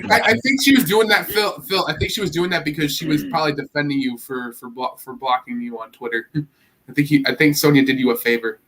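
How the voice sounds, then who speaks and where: A man's voice: a little high, fairly quick, a crowd in the background, rough recording. A man co-hosting a wrestling podcast in casual chat, teasing his co-host and laughing often.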